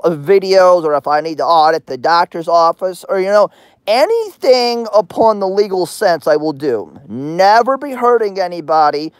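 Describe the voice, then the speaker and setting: A woman's voice: mid-range voice, darkish tone, no echo. A woman hosting her channel in a crude, threatening, meandering rant full of fillers. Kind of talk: profane vlog rant.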